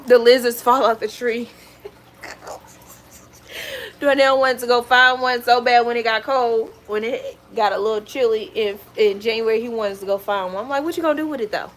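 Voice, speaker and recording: A woman vlogger chatting casually at home, retelling stories in an animated, exclaiming way. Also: on the high side, a little slow. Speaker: lifestyle vlogger. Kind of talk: casual storytelling chat.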